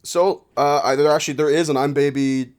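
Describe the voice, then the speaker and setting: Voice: medium pitch, fairly quick, smooth. A young adult co-hosting a podcast in casual chat, easygoing and wry. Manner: easygoing and wry, with lively intonation. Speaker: podcast co-host.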